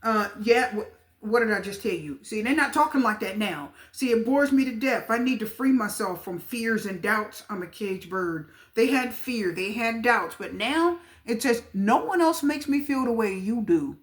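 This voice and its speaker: A woman's voice: fairly high pitch, lively intonation, normal speed, fairly bright tone. A woman giving a pick-a-card tarot reading to her viewers, chatty and repetitive, talking straight to them. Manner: chatty, repeats herself, talks straight to viewers. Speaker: tarot reader.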